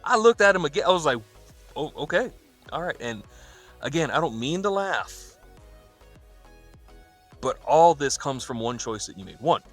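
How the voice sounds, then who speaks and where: A man's voice: on the high side, sing-song, normal speed, pauses often, faint music behind. A man hosting a podcast, retelling a coworker's story in a casual, profane, laughing way with quoted back-and-forth. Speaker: podcast host.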